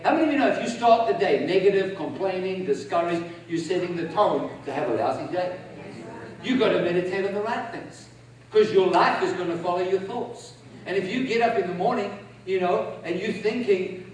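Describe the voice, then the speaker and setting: Very high-voiced preacher in an echoey hall. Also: male voice, moderate pace, darkish tone, recorded from a distance, a little hiss or hum. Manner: emphatic, leads the congregation in call-and-response. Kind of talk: sermon.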